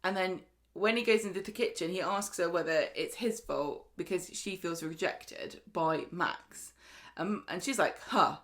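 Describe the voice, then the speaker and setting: A woman's voice: fairly low pitch, measured pace. A woman co-hosting a podcast, chatting casually as she reads out plot notes and laughs easily. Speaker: podcast co-host. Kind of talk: casual chat recapping episodes.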